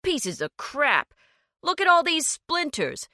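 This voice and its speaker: A woman voicing a brash, greedy man who mocks and shouts when crossed. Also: mid-range voice, sing-song, a little slow, no room sound, studio quality, pitched above the performer's own voice. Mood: griping. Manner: loud, sneering outbursts. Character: brash, greedy man, mocking and quick to anger.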